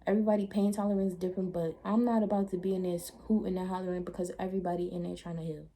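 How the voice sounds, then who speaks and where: Low, gravelly-voiced young woman vlogging. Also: very fast, slight background noise. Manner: blunt, animated retelling with slangy asides. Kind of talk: casual storytime chat.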